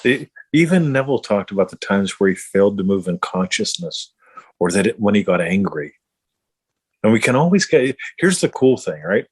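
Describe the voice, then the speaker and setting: A middle-aged man, co-hosting a casual chat, blunt and swearing freely as he tells animated stories. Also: fairly low pitch, moderate pace, slightly rough, dry recording. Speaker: podcast co-host.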